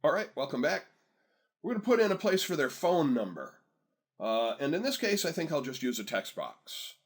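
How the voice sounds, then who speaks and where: Relaxed man teaching a software lesson. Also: on the high side. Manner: relaxed, chatty, tells viewers to pause and catch up. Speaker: software instructor. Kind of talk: screen-recorded tutorial narration.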